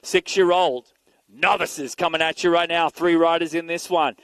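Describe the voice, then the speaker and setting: A man giving energetic live play-by-play commentary at an outdoor BMX race, calling out riders and bike numbers. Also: on the high side, normal speed, smooth. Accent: Canadian. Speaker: race announcer.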